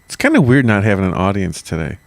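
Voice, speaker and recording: A man's voice: lowish voice, huge pitch swings, quick pace, no echo. A man co-hosting a podcast, chatting casually with profane jokes, frequent laughter and goofy asides. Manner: joking, profane, laughs often, does goofy voices. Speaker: podcast co-host. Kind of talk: casual comedic podcast chat.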